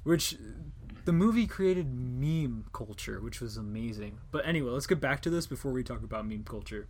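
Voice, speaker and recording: A man's voice: medium pitch, lively intonation, normal speed, a little mellow, slight background noise. Joking young man rambling on a podcast. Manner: rambling, joking, casual swearing. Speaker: podcast host. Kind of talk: casual podcast chat.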